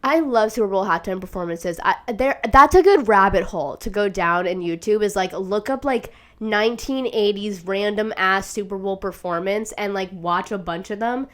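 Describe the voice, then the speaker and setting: A young woman hosting a casual solo talk show, swearing freely and getting emotional, laughing through tears and turning loud and shrill as she gets carried away. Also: normal speed, few pauses. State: sick, tearful. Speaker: podcast host. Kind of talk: casual monologue.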